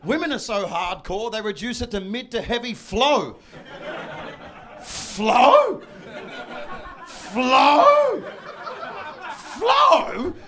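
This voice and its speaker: A man doing a stand-up comedy set, brash and loud, bursting into shouts and mock voices. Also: high voice, lively intonation, normal speed, hardly any pauses. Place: comedy venue with audience.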